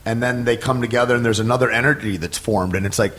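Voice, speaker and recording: A man hosting a podcast, talking in a reflective, rambling way with lots of halting restarts. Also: medium pitch, fairly bright tone. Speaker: podcast host. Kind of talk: casual conversation.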